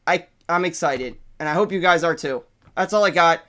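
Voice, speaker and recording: Man, vlog host, excitable profane rant, high voice, bright tone. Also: moderate pace. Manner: excitable, profane, swings between hyped and angry. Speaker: channel host.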